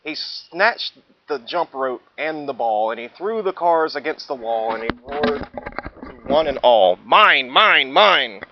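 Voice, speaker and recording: A man's voice: mid-range voice, lively intonation, a little slow, a little hiss or hum. A man reading a children's storybook aloud for a class, telling it with expression and small stumbles, in a dull lo-fi recording. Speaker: student reader.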